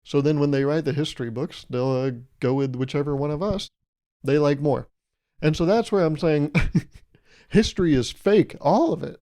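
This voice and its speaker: On his podcast, a young man rambles through a casual, funny monologue at a moderate pace, dropping into playful mock voices. His voice is slightly high with a dark tone.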